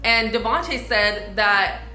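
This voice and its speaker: A woman's voice: mid-range voice, takes it slowly, pushed and bright, reverberant, soft background music. A young woman vlogger telling a storytime vlog in an indignant, conversational way, with many fillers.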